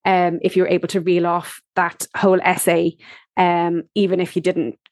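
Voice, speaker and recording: A woman's voice: on the low side, level tone, normal speed, a little mellow, no echo, clean studio sound. A woman frankly giving her opinions in an interview, with some ums. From Ireland. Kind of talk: casual interview answer.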